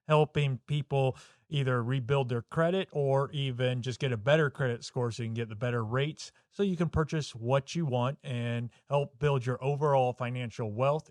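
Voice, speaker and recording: A man co-hosting a podcast from a studio, a credit adviser who talks in a friendly, brisk and teasing way. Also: medium pitch, dry recording. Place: recording studio.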